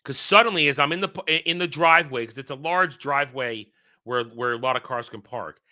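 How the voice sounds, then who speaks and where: Here the man's pitch is medium and his pace a little fast, with a bright, forceful tone. Hosting his own channel, he rambles heatedly through a long dream story in a casual monologue, often starting over.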